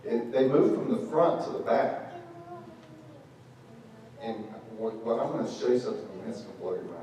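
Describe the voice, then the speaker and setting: Preacher in an echoey church. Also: male voice, medium pitch, normal speed, pauses often, a little hiss or hum. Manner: animated storyteller who acts out voices. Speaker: pastor. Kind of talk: sermon. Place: church sanctuary. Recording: echoey church, far from mic.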